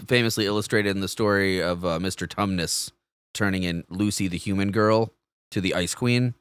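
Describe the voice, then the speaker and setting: A man's voice: sits low, fairly even intonation, moderate pace, a bit bright, clear, resonant tone, no room sound. A man co-hosting a podcast in a jokey, wisecracking way, full of pop-culture asides. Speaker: podcast co-host. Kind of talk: casual podcast chat.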